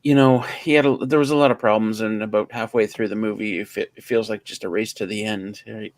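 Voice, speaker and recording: A man's voice: fairly low pitch, fairly even intonation, a little fast, no echo. A man co-hosting a livestream, chatting casually and rambling as he searches for words. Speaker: livestream co-host. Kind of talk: casual chat.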